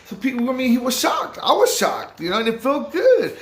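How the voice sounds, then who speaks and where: A man's voice: very high voice, huge pitch swings, brisk, echoey room. A man telling a personal story to camera in casual, profane street slang. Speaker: vlogger recounting a recovery-home stay.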